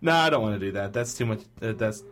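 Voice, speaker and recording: A man's voice: on the low side, animated, quick pace, fairly bright tone. A man co-hosting a casual podcast chat, rambling playfully and turning mock-serious as he muses. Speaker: podcast co-host. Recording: music playing behind.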